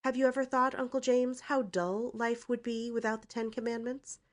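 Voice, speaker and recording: Storybook role: a defiant young woman with a sharp tongue, read by a woman narrator. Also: fairly high pitch, fairly even intonation, moderate pace, voice pushed up, natural voice. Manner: brazen, cutting retorts.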